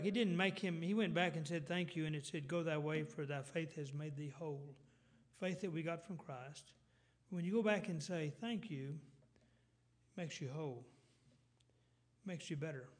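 A middle-aged man, preaching a folksy sermon with halting restarts. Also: a little high.

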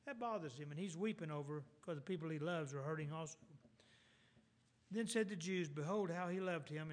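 Male preacher in church, somewhat high-pitched, folksy and conversational, retells scripture in plain words. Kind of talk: sermon.

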